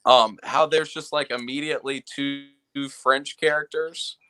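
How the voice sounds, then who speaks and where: A man guesting on a podcast, playful and excitable, laughing often as he talks. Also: mid-range voice, unhurried, smooth. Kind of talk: casual interview chat.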